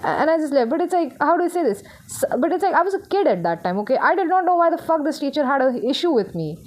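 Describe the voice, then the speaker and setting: A woman's voice: high-pitched, very animated, fast talker, darkish tone. A young woman giving a casual tarot reading, talking in a rambling, blunt way and swearing freely. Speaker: tarot reader.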